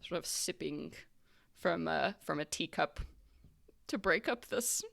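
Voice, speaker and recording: A woman's voice: sits low, expressive, unhurried, vocal fry, a bit bright. A woman narrating a tabletop game as game master, in a loose, rambling way full of fillers.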